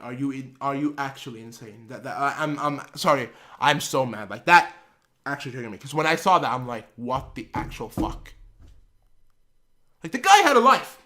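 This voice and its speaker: A channel host rants heatedly in an angry vlog, swearing and repeating himself as he vents. His voice is a little high with a sharp tone.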